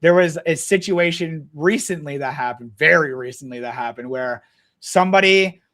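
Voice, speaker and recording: Blunt, cursing man with a high voice. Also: normal speed, fairly bright tone. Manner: blunt, profane storytelling. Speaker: guest. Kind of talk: casual podcast chat.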